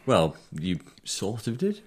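A man with a very deep voice guests on a podcast. His remarks are dry and wry. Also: huge pitch swings, slow, breathy edge. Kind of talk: casual podcast chat.

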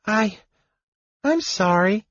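A man voicing a small, excitable male kender who talks in a high, breathless, stammering way, in a storybook reading. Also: drawn-out words, no room sound, exaggerated voice. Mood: dazed. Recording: dull lo-fi dry recording.

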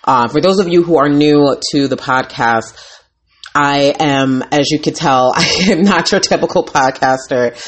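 A woman's voice: low voice, unhurried. Raw, candid woman podcaster. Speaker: podcast host and life coach. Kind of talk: casual motivational talk.

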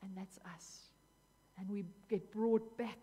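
A woman's voice: medium pitch, level tone, slow pace, mellow, breathy edge, long reverb tail. A woman preaching a sermon in an earnest, emphatic way, repeating phrases for weight.

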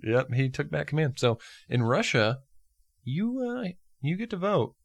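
A man's voice: medium pitch, big pitch swings, unhurried, no echo, clean studio sound. A man co-hosting a casual podcast, joking loosely with profanity and laughing often. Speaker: podcast co-host reading news.

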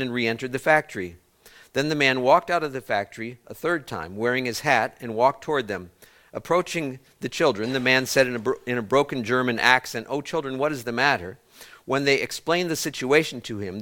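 A male pastor preaching a sermon in a church, with a voice of ordinary middle pitch. He tells long stories, stops and restarts words as he goes, and turns to the congregation with questions. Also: fairly bright tone.

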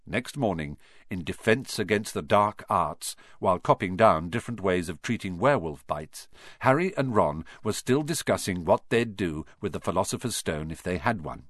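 A man reading a children's fantasy novel aloud as narrator in an expressive, lively way. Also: low voice, normal speed, no echo, clean studio sound. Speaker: audiobook narrator. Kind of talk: scripted narration.

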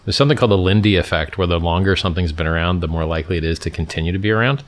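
A man's voice: low voice, rapid-fire. A middle-aged man hosting a livestream, reading out and answering chat questions in a blunt, offhand, casual way. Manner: blunt, offhand, lots of "like" and "dude".

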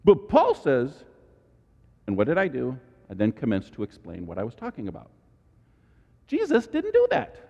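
A man preaching a sermon as pastor, animated, with dramatic asides and sudden high exclamations. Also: normal speed, gravelly, in a large hall.

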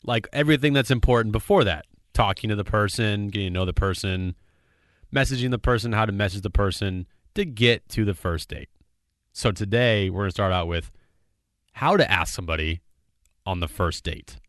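A man's voice: lowish voice, lively intonation, moderate pace, a bit bright, dry recording, studio quality. A young man hosting a casual dating podcast, upbeat, joking and direct. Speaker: podcast host. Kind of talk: casual chat.

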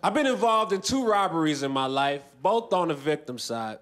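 A man in his twenties doing a stand-up comedy set on a festival stage, dry and deadpan, breaking into loud shouted voices. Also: fairly high pitch, moderate pace. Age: 20s. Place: large festival stage with a laughing audience.

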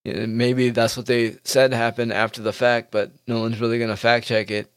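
A man's voice: mid-range voice, flat delivery, normal speed, clean tone, no echo, clean studio sound. Sarcastic, swearing man ranting. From United States. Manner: sarcastic, profane, laughing often. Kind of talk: comedic rant.

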